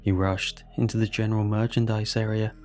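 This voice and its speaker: A man reading a horror story aloud in a measured, grave scripted narration. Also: on the low side, flat delivery, darkish tone. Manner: slow, measured, grave delivery. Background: faint background music.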